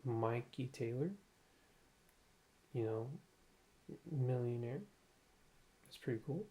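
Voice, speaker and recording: A man's voice: mid-range voice, takes it slowly, dark tone. A man casually commenting while he watches and skips through videos, with offhand, wry asides. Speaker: streamer reacting to videos.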